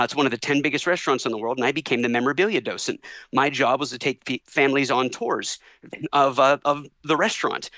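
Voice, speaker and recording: Animated young man telling stories. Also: mid-range voice, dry recording. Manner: animated storyteller, quick bursts. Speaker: guest. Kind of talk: casual storytelling interview.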